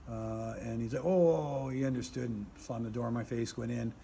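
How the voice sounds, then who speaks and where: A man tells an interview story with lots of fillers, animated swings and some swearing, speaking outdoors. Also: medium pitch, fairly quick, vocal fry, slight background noise. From Canada. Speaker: aid worker telling a war story. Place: outdoors in a war zone.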